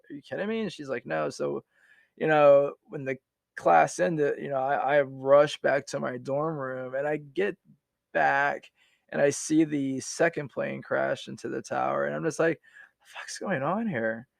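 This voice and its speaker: Gravelly-voiced guy in his 40s rambling thru an old story, lots of restarts, dry close sound. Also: on the high side, fairly even intonation, a little slow, no echo. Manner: rambling, many restarts and fillers, swearing. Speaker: podcast guest, army veteran. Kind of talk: casual storytelling interview.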